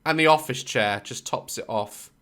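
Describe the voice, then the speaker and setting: A man's voice: mid-range voice, normal speed, fairly bright tone, clear, resonant tone. A man hosting a reaction video, talking casually from his home office and firing off sarcastic, joking asides.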